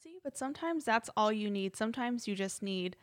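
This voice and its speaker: A woman's voice: on the high side, animated, a little fast, dry recording, clean studio sound. A woman co-hosting a podcast, speaking in a reassuring, encouraging way. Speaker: podcast co-host. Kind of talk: casual chat.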